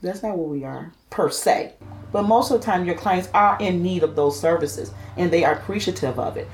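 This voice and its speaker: A woman's voice: fairly low pitch, moderate pace, a little mellow, soft background music. A woman home care worker, telling her story with passion in an oral history interview.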